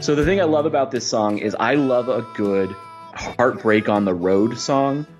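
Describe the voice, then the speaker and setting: A podcast host reflects on a favorite song in a casual, rambling music discussion filled with fillers. His voice is medium-pitched at normal speed, with music playing in the background.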